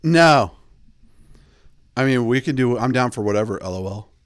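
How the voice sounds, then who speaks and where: A man's voice: fast talker, clear, resonant tone, no echo. A male host giving blunt, bossy dating advice in a casual monologue, close to the mic. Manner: blunt, bossy, mocks texts in a high put-on voice.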